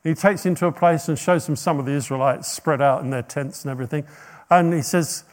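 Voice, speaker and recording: A man's voice: a little high, fairly quick. A man preaching, retelling a story dramatically with chatty asides. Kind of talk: sermon storytelling.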